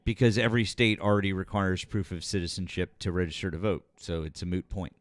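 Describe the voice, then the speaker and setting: A man hosting a political live stream and talking with callers, halting and full of restarts. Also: low-pitched, fairly even intonation, dry recording. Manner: halting, many restarts and fillers.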